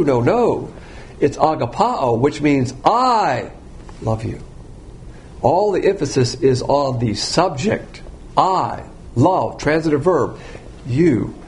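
Guy preaching, blunt, loud then quiet, highish voice, bit of hiss behind. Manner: blunt, provocative, swings between loud and quiet. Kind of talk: sermon.

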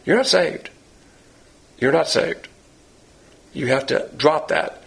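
A man's voice: on the high side, lively intonation, takes it slowly, creaky, slightly rough. A man teaching a sermon on the Bible in a blunt, folksy, emphatic way.

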